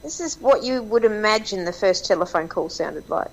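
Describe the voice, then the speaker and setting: A woman's voice: medium pitch, animated, normal speed, poor audio. A woman joining a casual radio chat as co-host, playful and teasing with the others.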